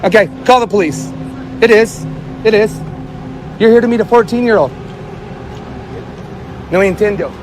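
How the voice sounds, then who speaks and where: A man with a high voice barks demands and taunts in an aggressive, mocking way. He is outside by a car. Faint street noise surrounds him. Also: a little fast, long pauses. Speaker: confronter in street footage. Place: outdoors beside a car.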